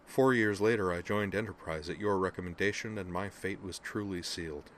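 A man voicing a female Vulcan officer in an audiobook reading, her voice low, monotone and almost mechanical, measured and controlled. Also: a little hiss or hum, close to an everyday voice. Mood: quiet. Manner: measured, rising into savage anger.

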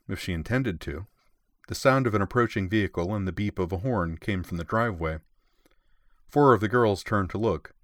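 A man reading a story aloud in an expressive, measured way. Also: sits low, no echo. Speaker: story reader. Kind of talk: reading fan fiction aloud.

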